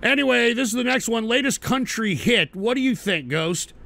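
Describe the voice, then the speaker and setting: A man's voice: very high voice, animated, normal speed, vocal fry, bright, forceful tone. A man hosting a livestream who reacts to viewer clips with crude, exasperated, profanity-heavy commentary. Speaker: livestream talk show host. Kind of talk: crude casual stream commentary.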